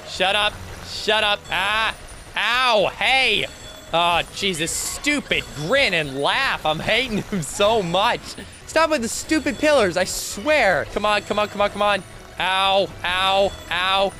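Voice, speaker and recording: A young man talks through his game in a high, bright, bouncing voice, chatty and excitable, breaking into laughs and yelps. Faint game music plays underneath him. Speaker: gaming channel host. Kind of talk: let's play commentary.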